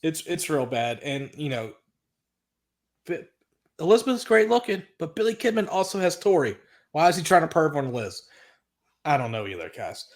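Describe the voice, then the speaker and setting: Male podcast co-host, casual and exasperated, swears a lot, voice a bit on the high side. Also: sing-song, normal speed, pauses often. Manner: blunt, profane, exasperated recapping. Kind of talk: casual chat recapping wrestling.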